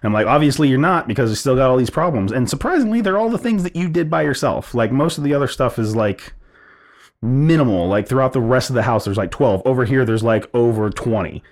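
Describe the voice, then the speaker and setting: A man co-hosting a casual podcast, telling a long story in a rambling, animated way, full of restarts and "like". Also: mid-range voice, quick pace. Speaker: podcast co-host.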